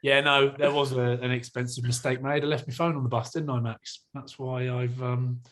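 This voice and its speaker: A man's voice: mid-range voice, level tone, moderate pace, a bit bright, a little hiss or hum. A young man co-hosting a rugby podcast, chatting casually, laughing often and swearing freely. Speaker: podcast co-host, rugby player. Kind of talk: casual chat.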